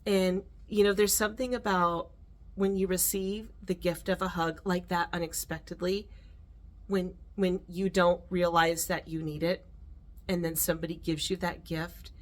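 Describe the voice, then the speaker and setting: A middle-aged American woman with a slightly low voice tells a personal story to the camera. She talks earnestly and with feeling, pausing to restart her sentences and filling gaps with little "uh"s and "you know"s. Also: level tone. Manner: earnest, emotional, with restarts and fillers. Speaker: vlogger.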